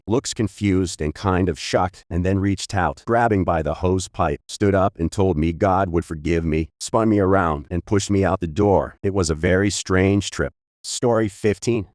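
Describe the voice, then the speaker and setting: A man reading online stories aloud as a narrator, in a steady, even read-aloud delivery. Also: low voice, no room sound, clean studio sound.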